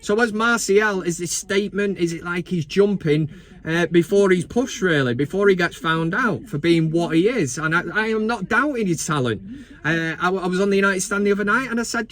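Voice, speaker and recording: Brief: male vlogger, fairly high voice, sweary jokey football rant in a van. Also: normal speed, a bit bright. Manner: sweary, joking, ranting. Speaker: football fan channel host. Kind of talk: casual live vlog chat. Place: inside a van.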